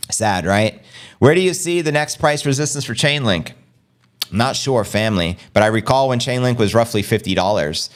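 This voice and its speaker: American man, livestream host, casual chat, high energy, slang, resonant lowish voice. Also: clear, resonant tone. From United States. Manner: energetic, fast-paced, slangy. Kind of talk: casual livestream chat reading viewer comments.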